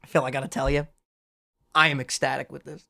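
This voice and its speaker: Young male podcast co-host, energetic and profane, bright edgy tone. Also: medium pitch, vocal fry. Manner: hyped, swears a lot, fast banter. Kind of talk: casual podcast chat.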